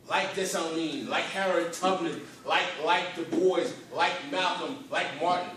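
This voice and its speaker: A man's voice: high voice, measured pace, a bit bright, a little hiss or hum. Fervent man speaking in an echoing hall. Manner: fervent, preacher-like rhetorical questions, rising and falling emphasis. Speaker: conference panelist. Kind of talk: impassioned panel speech. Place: conference hall in a library. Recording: echoey hall from far off.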